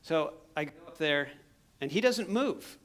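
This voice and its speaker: A man, a missionary, telling an animated story from a church stage and acting out his own shouts. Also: a little high, measured pace. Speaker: missionary speaker. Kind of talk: sermon storytelling. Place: church sanctuary.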